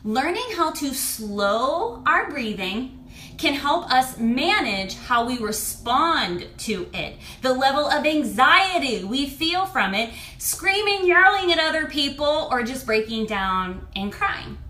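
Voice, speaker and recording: Woman in her thirties, candid coach vlog, high bright voice, echoey room. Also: takes it slowly, a little hiss or hum. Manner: candid and expressive, with mild swearing. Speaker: fertility and lifestyle coach. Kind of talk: casual talk to camera.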